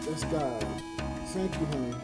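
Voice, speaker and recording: Drunk tearful man ranting, high and echoey. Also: measured pace, over loud music. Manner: emotional, swinging between shouting rants and soft mumbling. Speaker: livestreamer and comedian. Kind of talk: rambling live-stream talk to chat.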